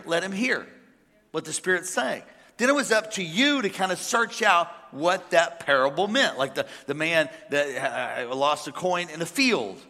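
A man preaching a sermon, telling a made-up parable and acting out the characters with lively energy. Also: on the high side. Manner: animated storytelling, acting out characters. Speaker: pastor. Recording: long hall reverb.

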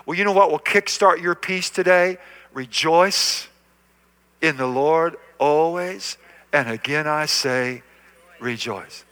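A man's voice: on the high side, pushed and bright. An older man preaching a sermon as pastor in a church, emphatic and repetitive, calling out to the congregation. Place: church sanctuary.

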